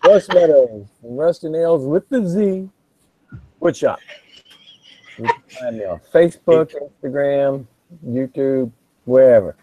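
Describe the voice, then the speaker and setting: A man's voice: mid-range voice, expressive, a little slow, pauses often, mellow, lo-fi sound. A man guesting on a panel over a call, joking as he introduces himself. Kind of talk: casual chat.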